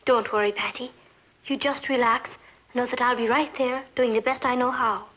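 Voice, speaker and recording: A woman's voice: fairly high pitch, steady tone, normal speed, fairly bright tone. An earnest teenage girl. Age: teens. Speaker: sitcom character. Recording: dull archival TV audio with music.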